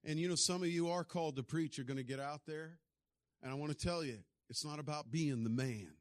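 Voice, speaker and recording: A man preaching a sermon, telling stories and acting out the people in them, often swinging from quiet to loud. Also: a little high, brisk, no echo, studio quality. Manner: storytelling, acts out voices with big swings in loudness.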